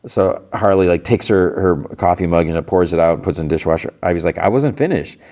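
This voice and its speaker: Deep voiced guy recapping a show, rambly, says like and you know constantly. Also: fairly even intonation, quick pace, mellow. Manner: rambling, full of "like" and "you know", frequent restarts. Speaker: podcast host. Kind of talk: casual episode recap.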